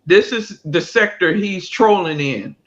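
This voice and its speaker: A man's voice: high-pitched, expressive, measured pace, lo-fi sound, crowd noise. A man telling an indignant story with emphasis in a heated online panel debate.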